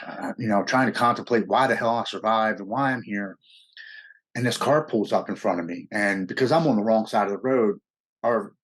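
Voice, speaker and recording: Interview guest: husky, lowish man in his forties from the US, earnest and halting as he recounts his past. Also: fairly bright tone. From United States. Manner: earnest, halting storytelling with restarts. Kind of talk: personal recovery story.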